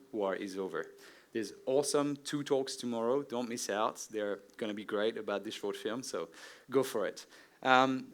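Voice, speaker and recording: A man's voice: mid-range voice, a bit bright. French-accented man giving a tech talk. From France. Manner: friendly, lots of "right?" and "um" asides. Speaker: conference speaker. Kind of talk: technical conference talk. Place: conference stage before an audience.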